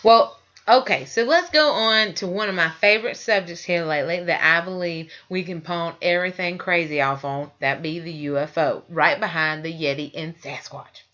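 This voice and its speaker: A woman co-hosting a paranormal podcast, chatting loosely and excitably, swearing freely. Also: on the low side, moderate pace, highs cut off. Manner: loose, profane, excitable storytelling. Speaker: podcast co-host. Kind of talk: casual chat.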